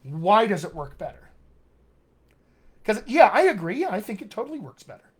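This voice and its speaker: A man's voice: high voice, sing-song, normal speed, slightly rough. A man coaching accents in a live online session, demonstrating sounds and reading viewer comments with eager energy. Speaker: dialect coach.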